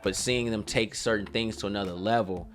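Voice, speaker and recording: A man with a fairly low voice hosts a casual reaction chat. He jumps between playful hype and slower, thoughtful talk, restarting his words often, and faint music plays under him. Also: fairly even intonation. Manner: loud playful hype with sound effects, then reflective. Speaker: reaction channel host.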